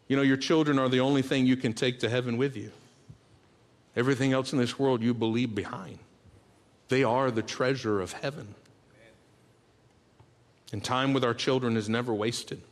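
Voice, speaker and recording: A man preaching a sermon, telling family stories with lively bursts and then dropping to a hushed, earnest tone. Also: mid-range voice, moderate pace, long pauses. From Bahamas. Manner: storytelling, swings from loud animated bursts to hushed earnest tones. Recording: long reverb of a large hall.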